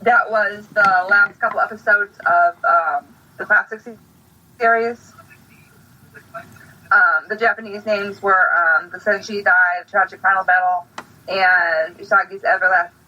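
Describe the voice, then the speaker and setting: A woman co-hosting a casual fan podcast, chatty and hesitant, often pausing on fillers. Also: mid-range voice, pushed and bright. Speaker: podcast co-host. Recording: distant, dull lo-fi mic.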